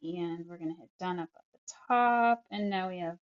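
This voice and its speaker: A woman speech-language pathologist with a lowish, clear, resonant voice narrates an app tutorial at normal speed. The audio is dull, and her chatty delivery describes every tap with lots of fillers.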